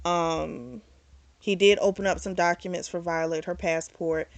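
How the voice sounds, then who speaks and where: A woman's voice: on the low side, fairly even intonation, measured pace, creaky, dry recording. A woman recapping a novel's plot in a casual, chatty way, filling her speech with "like" and "um" and swearing now and then. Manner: chatty, retells plot in quoted voices, frequent "like" and "um". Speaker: book reviewer. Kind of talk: casual book review recap.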